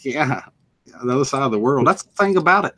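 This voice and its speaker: A man's voice: medium pitch, animated, fast talker, sharp tone, dry recording. A man from North Carolina with a Southern American accent, hosting a casual live stream chat in a folksy, drawling way. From North Carolina, USA. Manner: folksy, drawling, greets viewers.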